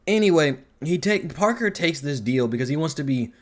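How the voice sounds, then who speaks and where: A man's voice: a little high, animated, normal speed. Rambling, profane male reviewer. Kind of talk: casual commentary.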